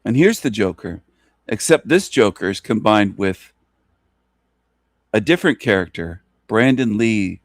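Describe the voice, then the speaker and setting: A man's voice: medium pitch, no room sound, studio quality. A man hosting his own channel, delivering a taunting, contemptuous monologue full of repeated jabs. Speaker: channel host. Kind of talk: ranting monologue.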